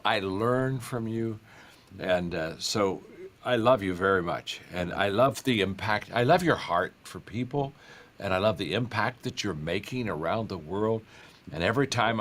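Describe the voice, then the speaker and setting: An older man, a guest author in an interview, speaking in a warm storytelling way with frequent repeated words. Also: low-pitched. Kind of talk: conversational interview.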